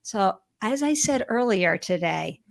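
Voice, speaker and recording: A gushing woman hosts a live-streamed interview show over video call, warmly greeting viewers by name from a home studio decorated with balloons. Her mid-range voice is creaky and unhurried, with lively intonation.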